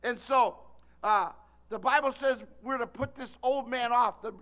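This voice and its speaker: An older man preaching a sermon, telling a story with lively delivery and calling on listeners by name. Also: very high-pitched, a little slow.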